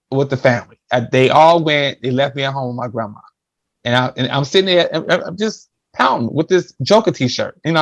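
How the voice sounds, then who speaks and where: A man telling a personal story in a casual chat, animated and acting out voices. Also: creaky, no echo, lo-fi sound. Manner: animated, acts out his younger self in a higher voice. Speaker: podcast guest.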